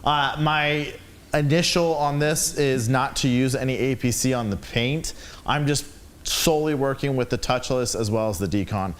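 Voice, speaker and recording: A man's voice: mid-range voice, moderate pace. A man demonstrating products on a livestream, explaining his process in a rambling, casual way. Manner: rambling, restarts while explaining. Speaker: guest detailer. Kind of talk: livestream Q&A chat.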